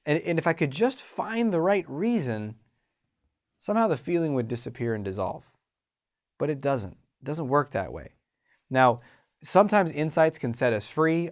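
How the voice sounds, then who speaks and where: A man hosting a self-help show about confidence, talking in an animated way and acting out inner voices. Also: fairly high pitch, moderate pace. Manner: animated, acts out inner voices, frequent restarts. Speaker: host and confidence coach. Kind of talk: motivational self-help talk.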